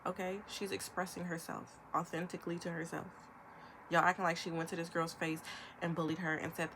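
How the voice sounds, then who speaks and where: A woman's voice: on the low side, noisy background. Emphatic young woman ranting on camera. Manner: emphatic, rapid-fire, animated with imitated quotes. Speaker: vlogger. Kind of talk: ranting commentary.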